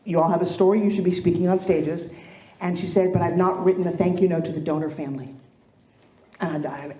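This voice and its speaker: A middle-aged woman giving a motivational speech on stage, telling stories with lively acted-out quotes. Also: fairly low pitch, quick pace, roomy sound. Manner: animated storytelling, acts out quoted voices. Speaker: motivational speaker. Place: stage in a large room.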